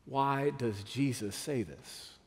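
A man from Texas preaching a sermon as pastor, earnest and full of rhetorical questions, rising to loud emphatic peaks and dropping to hushed asides. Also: medium pitch, slow pace. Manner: asks the congregation rhetorical questions. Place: large church sanctuary. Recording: long reverb of a big sanctuary.

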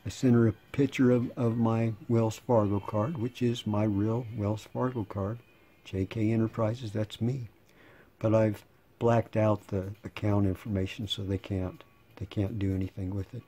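A man's voice: on the low side, fairly even intonation, measured pace, dark tone. A man in his sixties casually reading chat messages aloud, with dry sarcastic asides and a rambling way of talking. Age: 60s. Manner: rambling, repeats and restarts words. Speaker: channel host.

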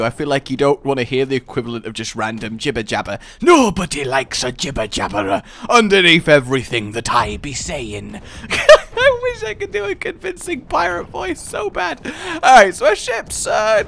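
A young man hosting a gaming video, giving excitable, jokey let's-play commentary and shouting during the action. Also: mid-range voice, vocal fry, a little hiss or hum.

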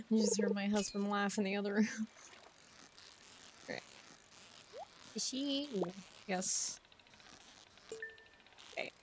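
A woman's voice: medium pitch, little pitch movement, takes it slowly, pauses often, noisy background. A woman streamer chatting casually over gameplay, giggling and talking to the game's characters from a room at home.

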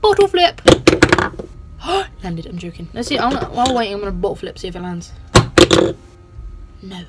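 A woman's voice: mid-range voice, fairly quick, very noisy. A playful female host, casually commenting over gameplay with goofy sing-song bits and a habit of saying "bloody". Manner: self-censors swearing, says "bloody" a lot. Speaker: gaming channel host.

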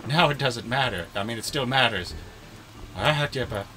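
A man's voice: medium pitch, normal speed, a little hiss or hum. A man co-hosting a let's-play video, chatting casually and laughing often as he plays. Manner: laughs often, lively and joking. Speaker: gaming co-host.

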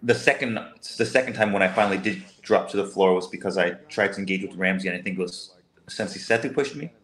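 A man chatting casually on a livestream about a game he played, relaxed and a bit hesitant. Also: deep voice, fast talker. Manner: relaxed, hesitant, many fillers. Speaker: show participant.

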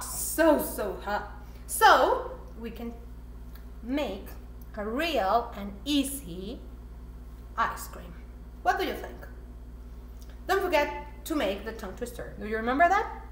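High, lively woman teaching kids. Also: echoey room, a little hiss or hum. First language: Spanish. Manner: animated and sing-song, with frequent excited gasps. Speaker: teacher for children. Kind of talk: playful cooking lesson for kids.

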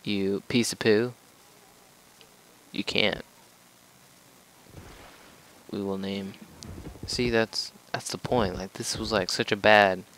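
A man's voice: lowish voice, fairly bright tone, low-quality recording. A man giving casual gameplay commentary as a let's play gamer, joking, rambling and talking to the game as he plays.

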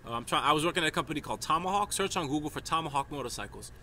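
A man's voice: on the high side, lively intonation, racing, bright, forceful tone, a little hiss or hum. A man from New York delivering a rambling, emphatic stream-of-consciousness vlog monologue, often tagging his points with "right?". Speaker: vlogger.

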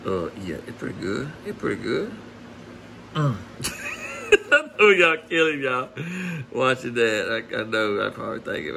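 A man's voice: mid-range voice, very animated, measured pace, vocal fry, pauses often, pushed and bright, a little hiss or hum. A man narrating a casual outdoor vlog as a hog trapper, chatting in a folksy way with asides to his viewers. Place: outdoors near a house.

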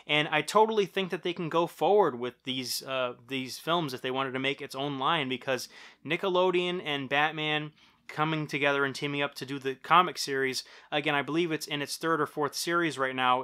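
A man's voice: medium pitch, pushed and bright, clear, resonant tone. A man in his thirties hosting a casual film review, enthusiastic and talking straight to his viewers. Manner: enthusiastic, addresses viewers as "guys". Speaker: film reviewer, channel host.

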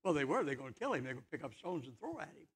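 A man's voice: fairly high pitch, big pitch swings, very fast, slightly rough. A man preaching a fervent church sermon, emphatic and full of rhetorical questions. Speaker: pastor.

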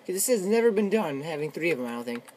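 A young man giving casual, excitable commentary while playing a video game, shouting and swearing, his voice worn from yelling. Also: a little high, quick pace, a little hiss or hum. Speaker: gamer. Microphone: tablet on a desk.

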